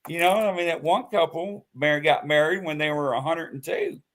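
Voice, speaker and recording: A man hosting a live show in casual chat, telling a story with loud acted-out quotes. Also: on the high side, normal speed. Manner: animated storytelling, acts out quotes loudly. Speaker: host.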